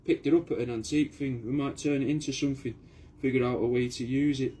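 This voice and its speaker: A man's voice: medium pitch, steady tone, quick pace, warm tone, a little hiss or hum. A man rambling casually to camera in a comedic monologue, full of restarts, swearing and "mate". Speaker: comedy vlogger playing a taxidermist.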